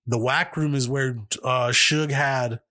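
A man's voice: mid-range voice, steady tone, takes it slowly, pushed and bright. A man co-hosting a podcast, rambling through a profane story in casual chat and acting out the quoted voices. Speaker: podcast co-host.

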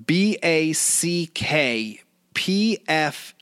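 A man with a smooth, clear voice talks casually and laughs often as he co-hosts, sometimes slowing down to spell words letter by letter. His voice sits a little high, and the sound is close and dry. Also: animated, fairly bright tone, dry recording. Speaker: podcast co-host. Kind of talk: casual chat.

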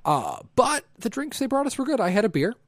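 A man co-hosting a casual podcast, chatting in a dry, deadpan joking manner. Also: very high-pitched, fairly quick, no room sound. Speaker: podcast co-host. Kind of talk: casual chat. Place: lives in Michigan.

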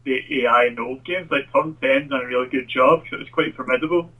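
A man's voice: medium pitch, fast, breathy edge, distant mic, narrow, tinny audio. An enthusiastic man in a casual gaming chat who laughs often.

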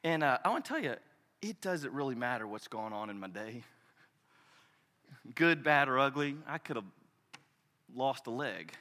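A man in his thirties preaching a sermon as a pastor, swinging from loud cries to hushed, soft tones. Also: mid-range voice, very animated, moderate pace, pauses often, in a large hall.

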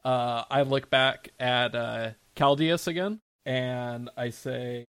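A man in a tabletop game describes his character's moves in a playful way. His voice sits in a middle pitch. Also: steady tone, slow, fairly bright tone, clean tone, dry recording. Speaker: player. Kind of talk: casual chat at a tabletop game.

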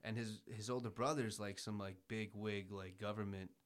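A man's voice: lowish voice, normal speed. A young man in casual podcast chat, eagerly retelling scenes and acting out the characters' lines. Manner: excitable, acts out quotes, swears casually. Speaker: podcast co-host. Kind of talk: casual anime recap chat.

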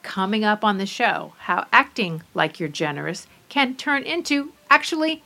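Bright, lively woman podcast co-host, quick casual chat. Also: mid-range voice, vocal fry. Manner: animated, quick asides, laughs often.

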